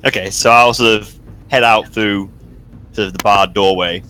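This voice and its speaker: A man's voice: fairly low pitch, fairly even intonation, normal speed, sharp tone, a little hiss or hum, poor audio. A man playing in a tabletop game, describing his character's actions casually with lots of hedging. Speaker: player. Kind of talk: tabletop role-play.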